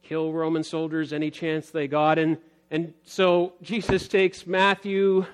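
An earnest man preaches a sermon, his somewhat high voice climbing on key points before sinking low and quiet. He reads scripture aloud in the same steady preaching voice. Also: measured pace, hardly any pauses. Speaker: pastor.

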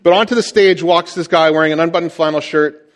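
A man's voice: on the high side, fairly even intonation, quick pace. A man, preaching as a pastor with chatty, self-deprecating humor and frequent fillers. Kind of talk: sermon with church announcements.

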